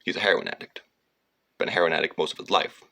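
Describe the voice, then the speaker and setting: Low gravelly man, sharp bright edge, rambling and profane, loose monologue. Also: steady tone, fast. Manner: digressive, profane, slips into sung lines and mocking voices. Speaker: storyteller.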